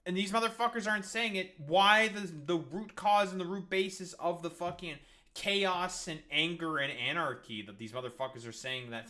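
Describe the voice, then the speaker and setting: A man ranting through political reaction commentary, swearing constantly and dripping with sarcasm. His voice sits high and sounds bright and edgy. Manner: profane, sarcastic, heated.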